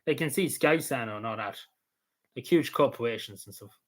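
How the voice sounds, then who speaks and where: A man talks through his day in a loose, rambling vlog. He circles back on his points and fills the gaps with lots of ums and likes, at an everyday middle pitch. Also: fairly quick, fairly bright tone. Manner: rambling, repeats himself, many fillers. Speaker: vlogger. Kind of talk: casual recap of an event.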